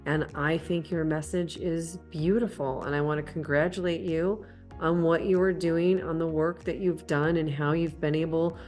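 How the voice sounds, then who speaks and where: Female host, low voice, earnest; light music underneath. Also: steady tone, moderate pace, darkish tone. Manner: earnest, affirming. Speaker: podcast host. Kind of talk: interview and show outro.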